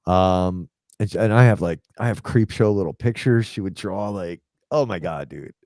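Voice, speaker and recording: A man's voice: deep voice, normal speed, darkish tone, no echo, studio quality. A man in his forties telling a personal story in a casual, rambling way, full of fillers, often acting out what people said. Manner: rambling, filler-heavy, drops into quoted dialogue.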